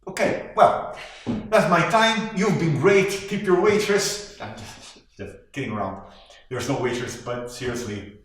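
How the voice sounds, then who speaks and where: An actor playing a cynical, washed-up male horse, a former sitcom star, delivering a sardonic, deadpan eulogy monologue. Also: medium pitch, measured pace, lightly acted. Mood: mock-cheerful. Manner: sardonic, deadpan, self-deprecating. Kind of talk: comic monologue performance. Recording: very echoey room.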